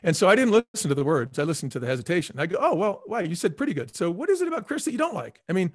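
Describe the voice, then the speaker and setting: This former restaurant chain boss, a middle-aged man, talks in a high, very animated, racing voice during a casual interview full of stories. He repeats words for emphasis and acts out the voices of people he quotes, captured in clean studio sound with no room noise.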